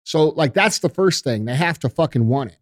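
A man's voice: a little high, animated, a little fast, over a noisy crowd. A man on a podcast talking about leadership in an intense, fiery way, swearing often and calling people bro and dude. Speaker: podcast guest. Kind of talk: casual podcast interview.

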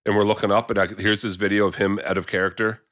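A man's voice: fairly low pitch, little pitch movement, fast, fairly bright tone. A man co-hosting a podcast, chatting casually and adding details to the others' stories. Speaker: podcast co-host. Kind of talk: casual chat among friends.

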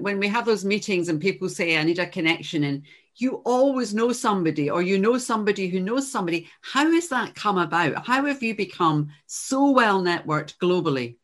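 A woman's voice: mid-range voice, expressive, normal speed. Encouraging woman interviewer. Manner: warm, encouraging, short affirmations. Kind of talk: casual interview chat.

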